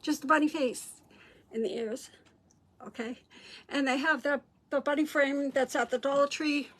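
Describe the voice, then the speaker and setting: A middle-aged woman, out of breath, hosts a craft livestream and chats casually with viewers, greeting them by name. Her high-pitched, slightly bright voice moves at a moderate pace with fairly even intonation.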